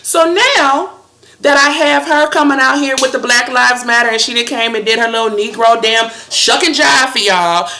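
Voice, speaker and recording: A woman's voice: on the high side, normal speed, sharp tone, reverberant. A woman delivering a heated, profane, scolding monologue with a sarcastic edge. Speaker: commentator.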